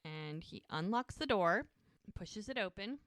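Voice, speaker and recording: A woman's voice: medium pitch, expressive, a little slow, fairly bright tone, dry recording, studio quality. A woman co-hosting a podcast, casually recapping a scene and acting out the characters' lines. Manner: retells scenes, acting out dialogue. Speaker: podcast co-host.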